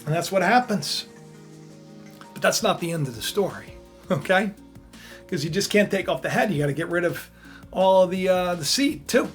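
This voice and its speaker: A man retelling a Bible story in a casual, animated sermon, chatty and often laughing. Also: high voice, normal speed, long pauses, soft background music. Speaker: preacher, storyteller.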